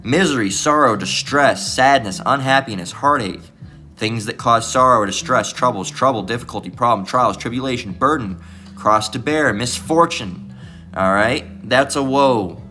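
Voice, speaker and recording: A man's voice: medium pitch, moderate pace, pushed and bright, faint music behind. A man giving a rambling, casual scripture commentary as a self-styled bible teacher, cursing freely and tagging his sentences with "all right?". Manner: profane, digressive, constant "all right?" tags.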